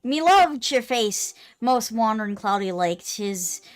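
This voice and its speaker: A woman reads out a quaint old forest spirit of a cozy game, fond and strange. Its words tumble out in broken archaic phrases, gentle and tender. Faint game music hums behind. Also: a little high, expressive, slow pace, clear, resonant tone. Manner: archaic broken speech, affectionate. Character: quaint ancient forest creature, tender and odd.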